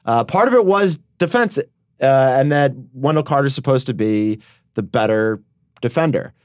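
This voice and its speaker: A man's voice: mid-range voice, lively intonation, normal speed, no room sound. A man from Philadelphia hosting a casual sports podcast, steering the talk with dry joking asides. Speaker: podcast host.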